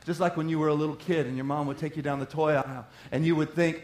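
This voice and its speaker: A man preaching a sermon in an animated way, slipping into little acted-out voices of everyday people. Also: on the high side, quick pace, few pauses. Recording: roomy echo.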